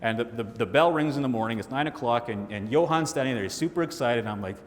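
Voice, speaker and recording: Brief: male keynote speaker, lively storytelling, long hall echo, faint rumble behind. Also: quick pace. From Canada. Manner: animated storytelling, acts out friends' voices. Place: large hall with audience.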